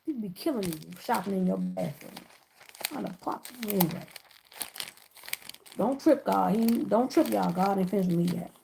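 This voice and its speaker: A woman's voice: mid-range voice, normal speed, vocal fry, long pauses, background noise. A woman hosting a casual livestream, chatting with viewers by name and laughing often as she wraps gifts. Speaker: livestream host wrapping gift baskets.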